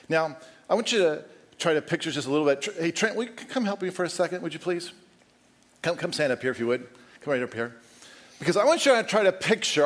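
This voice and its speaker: A man preaching, who reads a long Bible passage aloud and then talks directly to his congregation. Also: on the high side. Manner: reads scripture steadily, then talks to the congregation and calls up a helper. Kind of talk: scripture reading and sermon.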